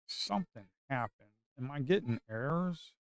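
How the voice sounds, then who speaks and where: A man giving casual live commentary on a slow market as a day trader, grumbling and talking to his viewers as folks, with sudden excited outbursts. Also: medium pitch.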